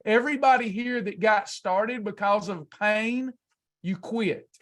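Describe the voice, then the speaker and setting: A man's voice: high-pitched, a little slow, fairly bright tone. A man coaching a class on weight loss in an emphatic, preacher-like motivational speech full of rhetorical questions.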